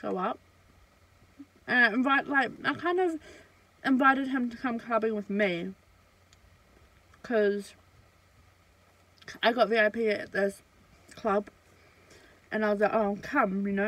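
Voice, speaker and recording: A woman's voice: mid-range voice, fairly even intonation, a little slow, pauses often, fairly bright tone, no echo, low-quality recording. A young woman, telling a story in a casual, chatty way with lots of fillers and swearing. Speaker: vlogger.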